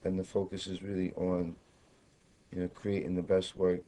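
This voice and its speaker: A man in his thirties, a guest on a radio interview, talking in a reflective, halting way with many fillers. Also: sits low, monotone, dark tone, low-quality recording. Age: 30s. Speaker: guest musician. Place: radio studio.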